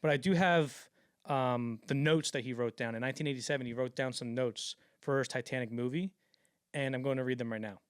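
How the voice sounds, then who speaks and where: A man hosting a podcast, telling stories in a casual, animated way with lots of swearing and restarts. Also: mid-range voice, brisk, clean tone, no echo, studio quality. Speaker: podcast host. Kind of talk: casual storytelling chat.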